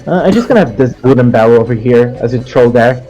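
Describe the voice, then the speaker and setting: A man's voice: mid-range voice, lively intonation, fast talker, mellow, dull audio, soft background music. A man acting as game master, casually directing players in a tabletop game.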